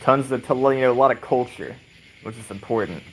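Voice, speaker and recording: A man's voice: medium pitch, a little fast, a little hiss or hum, poor audio. A man casually chatting with viewers of his stream, rambling, swearing a lot and chuckling often, while rocking on a swing on an outdoor porch. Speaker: livestream host.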